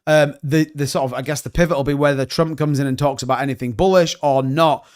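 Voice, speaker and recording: Chatty man, fairly high voice. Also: fairly even intonation, fast talker. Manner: joking banter, reading out chat comments. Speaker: crypto livestream host. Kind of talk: casual livestream chat.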